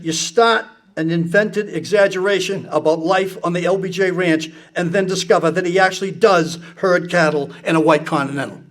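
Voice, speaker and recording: A man casually telling blunt, profane anecdotes to an audience, acting out the people he quotes with gusto. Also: high voice. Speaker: speaker recounting political anecdotes.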